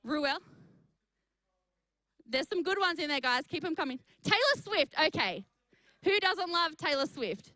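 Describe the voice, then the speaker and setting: A young woman, a youth pastor, telling a story to young people on a live stream, chatty and energetic, speaking to the chat. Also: high voice, unhurried, long pauses, no echo, rough recording. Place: studio for an online youth stream.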